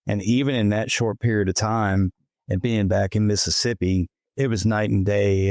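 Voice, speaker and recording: A man's voice: on the low side, fairly even intonation, normal speed, a little mellow, no room sound. A middle-aged man hosting a podcast, talking in an easygoing, conversational way. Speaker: podcast host. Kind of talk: casual interview chat.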